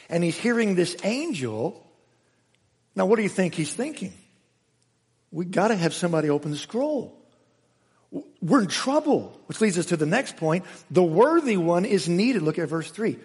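Dramatic preacher in a reverberant hall. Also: male voice, high-pitched, husky. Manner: dramatic, swings from loud exclamations to hushed asides. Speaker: pastor. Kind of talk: sermon. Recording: echoey hall with long reverb.

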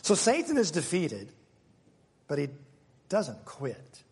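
A man preaching a sermon as pastor, animated, dropping into hushed asides. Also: on the high side, slow pace, slightly rough. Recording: long reverb of a large hall.

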